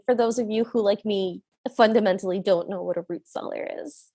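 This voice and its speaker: A woman's voice: mid-range voice, a little fast, hardly any pauses, warm tone, no room sound. A woman co-hosting a podcast, animatedly retelling a film scene in casual chat and voicing the characters in passing. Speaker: podcast co-host.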